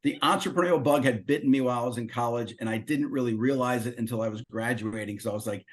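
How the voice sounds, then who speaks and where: A man's voice: medium pitch, fast talker. A middle-aged man as an interview guest, telling his story casually and acting out quoted dialogue. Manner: lively storyteller who acts out quoted dialogue.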